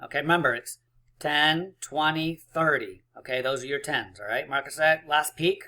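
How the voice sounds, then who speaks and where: Male teacher for a kids' math video, cheerful and encouraging, bright forward tone. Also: on the high side, moderate pace. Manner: encouraging, playful, counts aloud. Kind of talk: math lesson for young children.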